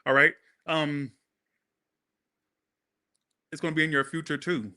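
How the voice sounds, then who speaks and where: A chatty man giving a tarot reading in a bright, forceful voice. He wanders off on tangents, swears casually and talks straight to his viewers. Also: a little high, little pitch movement, measured pace. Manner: rambling, profane, talks to viewers. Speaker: tarot reader.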